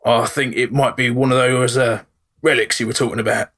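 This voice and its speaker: A man voicing a gruff, harried middle-aged leader who talks bluntly and swears mildly. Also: mid-range voice, flat delivery, fairly quick, a bit bright. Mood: brusque.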